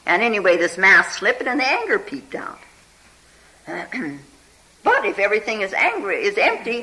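Meditation teacher, bright sharp-edged voice, very lively pitch; conversational talk that keeps checking in with the listeners. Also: low-quality recording. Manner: often checks in with listeners with "hmm?" and "huh?"; unhurried and conversational, full of "you know". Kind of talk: spiritual talk telling a Zen story.

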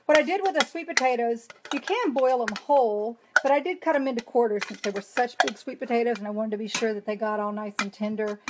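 A woman's voice: fairly high pitch, quick pace, hardly any pauses, very noisy. A woman with a light Southern US accent hosting a live cooking demonstration, chatting as she works and reading viewer comments aloud. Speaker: cooking demo host. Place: home kitchen.

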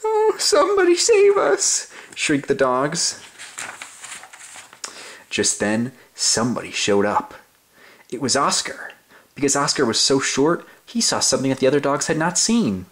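A young man giving an overly silly storybook reading to kids, hamming up every sentence. His pitch rides up and down in a lively, sing-song way, with dramatic slow-downs for suspense. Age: young adult. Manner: playful, exaggerated, sing-song. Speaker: reader of a children's story.

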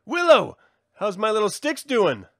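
A man's voice: high voice, huge pitch swings, measured pace, fairly bright tone, dry recording, studio quality, exaggerated voice. A man voicing a cocky, swaggering swordsman who talks wry and boastful.

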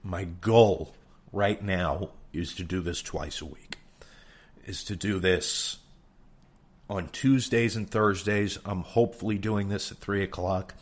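Deep and steady, this New Yorker's voice moves slowly as he hosts his podcast in a local accent. It's a frank, wandering monologue full of cursing.

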